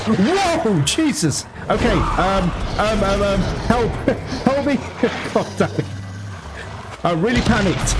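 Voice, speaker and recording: A man commenting on his gameplay, reacting with excited, panicky outbursts. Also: high-pitched. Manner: excitable, panicky outbursts and laughter mid-fight. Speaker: let's play gamer.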